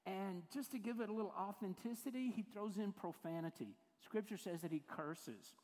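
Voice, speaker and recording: A man's voice: high-pitched, moderate pace, few pauses, darkish tone. A male pastor, giving a conversational sermon full of acted-out quotes. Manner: conversational storytelling, acts out quoted voices. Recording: hall reverb.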